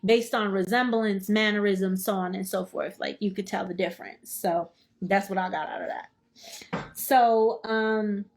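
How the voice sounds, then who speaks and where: Woman, study group host, slow deliberate reading aloud, casual asides, playful, self-mocking. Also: medium pitch, steady tone. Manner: playful, laughs at herself, stops to explain in her own words. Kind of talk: reading a book aloud with commentary.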